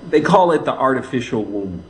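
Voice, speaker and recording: A man's voice: mid-range voice, big pitch swings, fairly quick, low-quality recording. A man being interviewed as a spiritual teacher, answering in an earnest, rambling way and laughing often.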